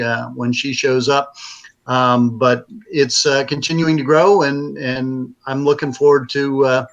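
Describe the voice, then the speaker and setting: A man's voice: medium pitch, muffled recording. A man, a publisher and author, telling a story in a casual interview, rambling with many fillers and restarts.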